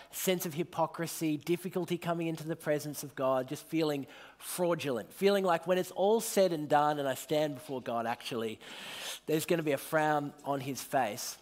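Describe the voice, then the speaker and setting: A man delivering a sermon in a voice pitched a little above the usual male range. He tells the story earnestly, letting his voice fall low and quiet on the solemn lines. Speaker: preacher.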